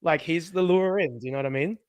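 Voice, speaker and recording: A man co-hosting a podcast in casual chat, playful and quick to laugh and react. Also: on the high side, dry recording. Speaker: podcast co-host.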